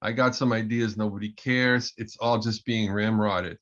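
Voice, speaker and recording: A man's voice: fairly low pitch, fairly even intonation, normal speed, fairly bright tone, lo-fi sound, natural voice. A man voicing a blunt, resentful male architect who talks in a curt, bitter way.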